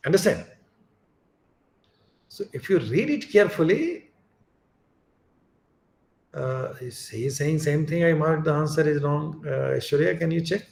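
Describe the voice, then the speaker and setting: Lively-voiced male teacher in echoey room. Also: on the high side, unhurried, gravelly, long pauses. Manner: explains step by step, often checks "get it?". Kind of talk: live online class explanation.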